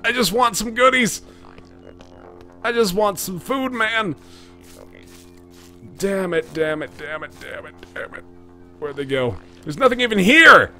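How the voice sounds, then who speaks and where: Bright-voiced excitable male gaming streamer. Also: sits high, unhurried, pauses often, soft background music. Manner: excitable, swears and yelps at in-game danger. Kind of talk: live let's play commentary.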